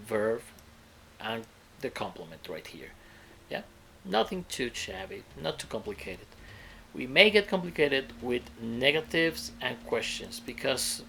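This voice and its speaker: A man's voice: medium pitch, pushed and bright, slight background noise. A man teaching an English grammar lesson, explaining step by step and often checking in with the viewer.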